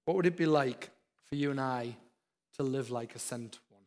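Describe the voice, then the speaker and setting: A man's voice: mid-range voice, normal speed, a little mellow. A man preaching a sermon, with earnest, repeated exhortations. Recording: long hall reverb.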